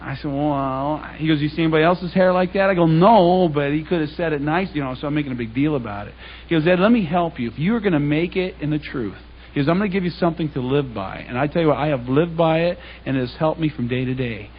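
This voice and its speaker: A man's voice: a little high, fast talker, a little hiss or hum. A man giving a public Bible talk, telling stories in a conversational way and acting out the dialogue. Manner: conversational storytelling, quoting others in dialogue. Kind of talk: anecdotal sermon. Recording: dull lo-fi recording.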